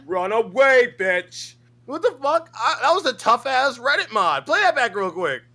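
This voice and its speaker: A man co-hosting a reaction stream, talking in an animated, profane, ranting way. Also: extremely high pitch, moderate pace, a little hiss or hum. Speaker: stream co-host. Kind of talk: casual reaction-stream chat.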